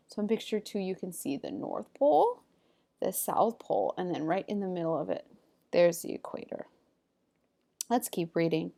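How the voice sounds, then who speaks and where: A woman teacher leading a recorded reading lesson, saying each word clearly and patiently in call-and-response drills. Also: fairly low pitch, lively intonation, normal speed, warm tone.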